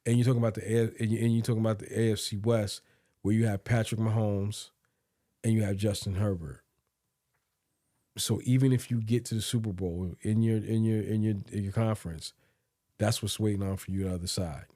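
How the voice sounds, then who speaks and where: A man's voice: fairly low pitch, steady tone, brisk, mellow, no echo, studio quality. A man co-hosting a podcast, chatting casually about sports and often repeating words as he thinks aloud. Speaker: podcast co-host.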